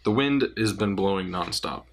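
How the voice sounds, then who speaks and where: Guy doing a weight loss vlog update, low gravelly voice, lots of ums, candid and rambly. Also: normal speed. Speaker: vlogger.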